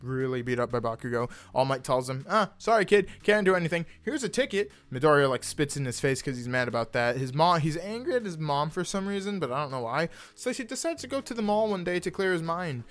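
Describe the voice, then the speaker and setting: Young man, reading fan fiction aloud, high voice, very lively delivery, faint music behind. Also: fast talker, few pauses. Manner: animated, stumbles over words, laughs at the text. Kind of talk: casual reading aloud with asides.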